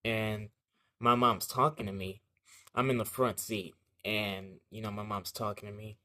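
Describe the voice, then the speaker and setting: A man's voice: lowish voice, little pitch movement, unhurried, sharp tone. A young man telling a childhood story in a casual vlog, rambling and slangy, with lots of fillers and swearing.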